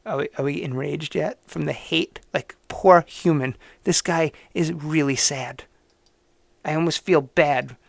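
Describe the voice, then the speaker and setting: A man's voice: a little high, a little slow, creaky. A man hosting a live-streamed news commentary show, ranting with sarcastic and preachy asides.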